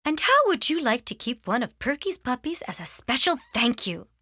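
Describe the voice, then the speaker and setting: A woman voicing a fussy, doting lady dog owner in a storybook, fretful and gentle. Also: a little high, very animated, moderate pace, dry recording, clean studio sound, full character voice.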